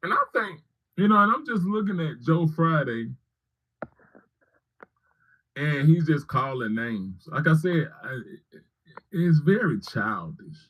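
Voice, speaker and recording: A man with a fairly high voice and big pitch swings takes his time, leaving long pauses, while the audio loses its highs. In a livestreamed political rant, he argues with commenters by name and repeats his points over and over.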